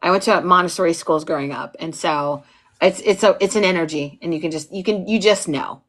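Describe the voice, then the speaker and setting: A tired instructor in her forties chats goofily with her livestream viewers, reading their names aloud and giggling often. Her voice is lowish, a bit bright, and a little fast.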